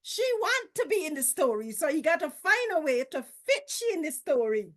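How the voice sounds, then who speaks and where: Guyanese lady, pretty high voice, telling stories from when she was small, folksy and lively. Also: normal speed. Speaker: storyteller. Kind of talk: casual storytelling.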